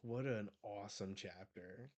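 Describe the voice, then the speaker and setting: A man hosting a live manga reading reaction, reading panels aloud with excited outbursts. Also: fairly low pitch, measured pace, no room sound.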